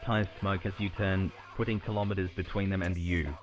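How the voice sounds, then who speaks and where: A male text-to-speech voice reading adventure story text in a flat, even manner. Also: low-pitched, fairly quick, lo-fi sound. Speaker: game narrator voice. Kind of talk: synthetic story narration.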